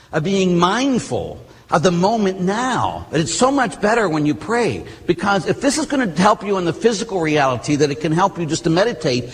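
A middle-aged man, a Catholic priest, preaching a sermon with animated storytelling and casual asides. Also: high-pitched, a little hiss or hum. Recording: long hall reverb.

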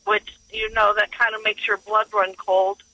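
A woman's voice: medium pitch, moderate pace, rough recording. A woman calling in to a radio show, telling a story earnestly and acting out the quotes. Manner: earnest, animated retelling with acted quotes. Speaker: caller. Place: her workplace office.

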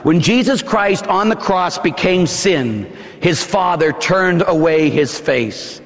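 A male preacher giving a fiery sermon in a church, shouting emphatic lines with dramatic pauses. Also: sits high, expressive. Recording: long hall reverb.

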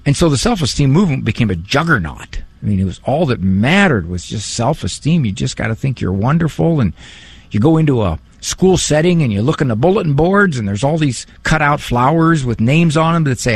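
A male psychologist giving a talk on parenting and faith, animated and joking in a conversational way. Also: medium pitch, brisk, husky, no room sound.

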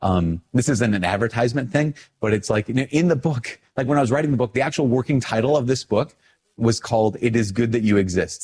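A man with a slightly low voice talks casually to camera as a priest. He is animated and self-deprecating, often stopping to search for the right word. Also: slightly rough. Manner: animated, self-deprecating, acting out his own reactions. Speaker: priest, video host.

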